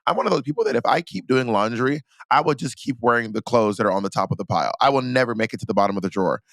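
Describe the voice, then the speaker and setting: A man guesting on a podcast, an animated storyteller who restarts his words often. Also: medium pitch, racing, dry recording, clean studio sound. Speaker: guest entertainer. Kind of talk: casual podcast chat.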